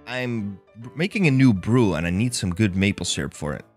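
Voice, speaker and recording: A man's voice: on the low side, animated, brisk, a little mellow, soft background music. A joking man playing a game. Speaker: gaming streamer. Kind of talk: casual gameplay commentary.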